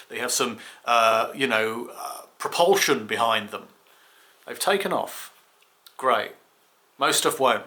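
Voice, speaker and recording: A man thinks aloud in a casual monologue, his tone bright and slightly forceful. He wanders, corrects himself mid-thought and drops in the odd blunt swear word. It comes across as unscripted commentary from a channel host. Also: medium pitch. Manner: rambling, self-correcting, frank with mild swearing.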